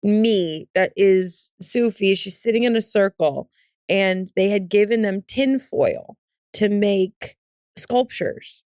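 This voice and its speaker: A woman's voice: mid-range voice, slow, darkish tone, clean tone, no echo, studio quality. A woman in her thirties co-hosting a podcast, telling stories in a chatty way and laughing often. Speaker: podcast co-host. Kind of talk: casual chat.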